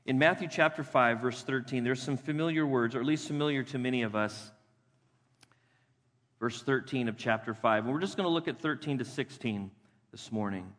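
A male pastor preaching a sermon, emphatic, repeating key phrases and slowing down to read scripture. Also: mid-range voice, fairly bright tone. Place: church sanctuary. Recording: long reverb of a church hall.

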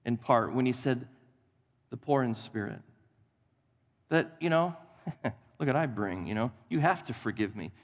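Animated male pastor preaching in a hall. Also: mid-range voice. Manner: animated, acts out voices of Bible figures. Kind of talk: sermon. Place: church sanctuary. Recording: long hall reverb.

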